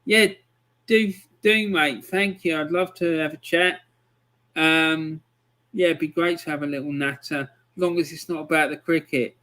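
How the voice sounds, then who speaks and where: A man's voice: a little high, steady tone, normal speed, pushed and bright. A man hosting a live stream, chatting casually with viewers and rambling with frequent ums as he reads out their messages.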